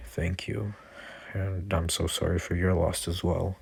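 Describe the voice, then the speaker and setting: This is an earnest, kindhearted teenage boy hero, voiced by a man telling a fan story. The voice sits low with a gravelly, husky edge. He speaks slowly, softly and apologetically. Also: little pitch movement, full character voice. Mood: urgent.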